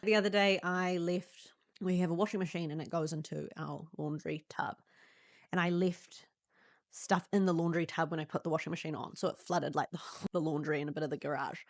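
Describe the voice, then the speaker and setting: Brief: young New Zealand woman, podcast host, low-pitched, candid personal storyteller, dry close sound. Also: a little fast, dry recording. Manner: animated, acts out quotes in sudden high voices.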